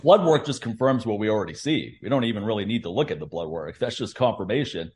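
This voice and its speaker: A man's voice: on the low side, expressive, fast, a little mellow. A man co-hosting a podcast, talking in an easygoing, chatty way. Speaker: podcast co-host. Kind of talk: casual chat.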